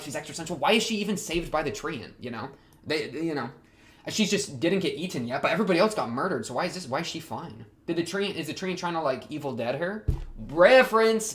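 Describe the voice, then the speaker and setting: Young guy doing anime reaction commentary, rambly and slangy, voice bouncing all over the place. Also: a little high. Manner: rambling, slangy, excitable outbursts.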